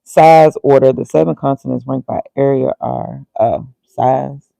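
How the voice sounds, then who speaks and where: A man's voice: medium pitch, steady tone, unhurried, creaky, mellow, no echo, low-quality recording. A man casually thinking aloud as he reads, muttering and reacting to himself. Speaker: vlogger.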